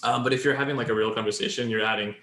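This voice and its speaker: A man's voice: medium pitch, fairly even intonation, racing, pushed and bright, roomy sound. A man co-hosting a podcast, explaining Japanese in casual chat and building example after example. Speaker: podcast co-host.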